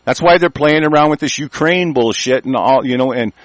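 A man from the United States delivering a heated, profane monologue rant, cursing constantly and growing louder as he argues. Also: medium pitch, fairly quick, dry recording.

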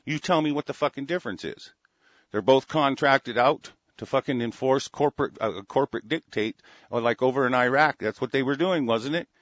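A man's voice: medium pitch, a little fast, a bit bright, dry recording. A man in an angry, profane rant, talking in heated bursts with stammering restarts. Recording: dull lo-fi dry recording.

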